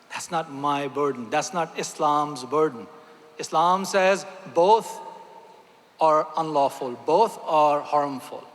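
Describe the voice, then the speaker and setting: A man with a fairly high voice addresses a large audience, driving home his points by repeating phrases and asking rhetorical questions. The long hall reverb trails after every line, the sound of a podium mic in a big room. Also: fairly bright tone. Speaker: doctor giving a talk. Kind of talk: motivational talk to a religious youth gathering. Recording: echoey hall.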